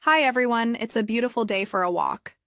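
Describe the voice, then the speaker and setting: A woman's voice: a little high, a little fast, fairly bright tone, no echo, studio quality. A woman voicing a polite young woman making small talk with sellers and friends. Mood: pleasant. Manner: polite, pleasant.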